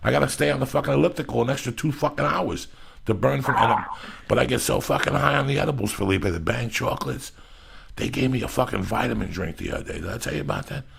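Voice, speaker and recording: Gravelly middle-aged man telling stories. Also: mid-range voice, fast talker. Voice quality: gravelly, husky. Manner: loud, rambling storyteller, heavy swearing. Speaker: podcast host. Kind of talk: casual profane chat.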